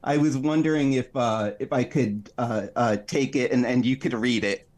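A man's voice: mid-range voice, moderate pace, darkish tone. A man, a listener guest on a video call, hesitant and giggly in casual chat.

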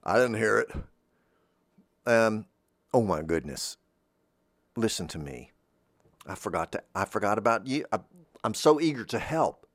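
A man's voice: on the low side, lively intonation, normal speed, long pauses, no echo, studio quality. A man hosting a podcast, wandering through a comic monologue that often trails off and restarts, with self-deprecating asides. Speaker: podcast host. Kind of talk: rambling comedic monologue.

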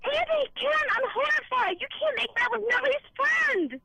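A man voicing a furious, tearful middle-aged wife who calls into a radio show, in a shrill falsetto, wailing and scolding. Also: big pitch swings, moderate pace, pushed and bright, no room sound, exaggerated voice, rough recording. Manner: wailing, scolding, near tears. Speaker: caller.

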